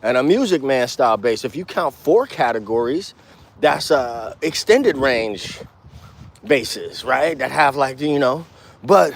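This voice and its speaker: A man teaching bass in a casual walk-and-talk outdoors, talking blunt street slang with cursing and counting beats out loud. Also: lively intonation, measured pace, gravelly. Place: outdoors, walking.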